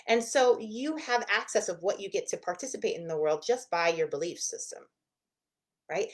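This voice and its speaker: A woman therapist teaching in a casual, expressive way, acting out the inner voices of the mind in quick asides. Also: medium pitch.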